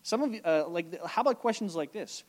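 Male pastor, high and animated, chatty sermon delivery with frequent check-ins. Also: a little fast.

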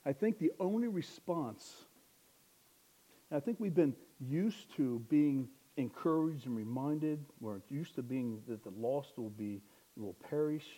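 A young man preaching a sermon, building to loud, impassioned exhortation. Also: mid-range voice, lively intonation, measured pace.

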